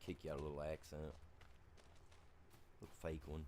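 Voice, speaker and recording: A man's voice: extremely low pitch, completely flat delivery, normal speed, dark tone, a little hiss or hum. A man streaming a farming game, chatting casually with viewers in a rambling way, full of "you know" asides. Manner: rambling, talks to chat, lots of "you know". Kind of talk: casual gaming livestream chat.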